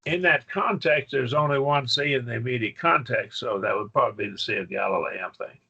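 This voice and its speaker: A man's voice: medium pitch, brisk, creaky, pushed and bright, husky, highs cut off. A man teaching a Greek grammar class, patiently quizzing his students with questions. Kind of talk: classroom lesson.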